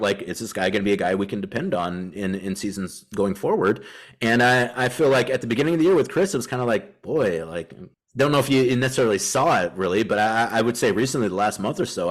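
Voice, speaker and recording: A man co-hosting a sports podcast in casual chat, walking through player stats in long run-on thoughts. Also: on the low side. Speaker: podcast co-host.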